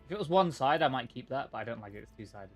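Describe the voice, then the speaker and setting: A man's voice: medium pitch, expressive, very fast, soft background music. A man streaming a video game, thinking aloud and reacting casually, sometimes swearing or reading in-game text. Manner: chatty, profane, thinks aloud. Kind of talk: casual gameplay commentary.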